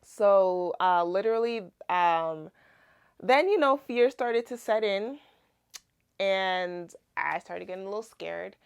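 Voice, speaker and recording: A woman's voice: mid-range voice, slow, vocal fry, clean tone, highs cut off. A young woman, chatting animatedly through a personal testimony full of "like"s. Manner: chatty, animated retelling with many "like"s. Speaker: Christian vlogger. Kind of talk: casual testimony storytelling.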